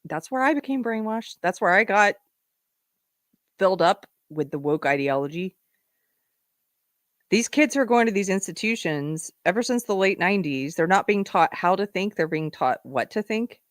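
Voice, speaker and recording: A woman hosting a live political commentary show, sarcastic and animated, often breaking into laughter. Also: medium pitch, normal speed, no echo, clean studio sound. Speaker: host.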